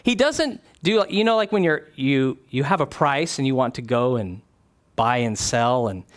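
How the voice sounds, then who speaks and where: A man's voice: medium pitch, animated, normal speed. A man preaching a sermon, reading scripture aloud and explaining it in an earnest, conversational way, often asking his listeners questions.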